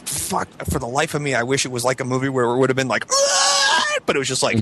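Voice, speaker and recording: Heavy background noise surrounds a show regular rattling off a profane story at rapid-fire speed in a mid-range voice. Animated, he acts out what others said by raising his voice.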